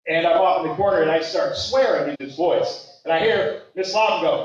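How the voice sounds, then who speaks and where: A man from Maui tells a story at a gathering and acts out each voice he quotes. His voice sits a bit high. He is heard from across a large echoey room on a dull, distant mic. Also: animated, a little fast. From Maui, Hawaii. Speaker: speaker sharing a memory at a gathering. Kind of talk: casual storytelling.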